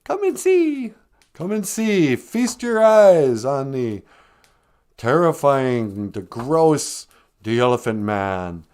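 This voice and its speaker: A man voicing a loud carnival barker calling crowds to a freak show, with a booming, drawn-out showman delivery. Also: very animated, smooth. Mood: hawking.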